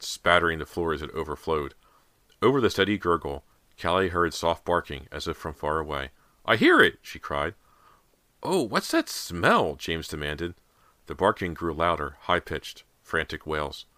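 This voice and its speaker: A man with a very deep, forceful voice reads a horror story in a measured, suspenseful way. The sound is bright and dry, close to the mic with no room echo. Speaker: audiobook narrator. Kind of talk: scripted horror narration.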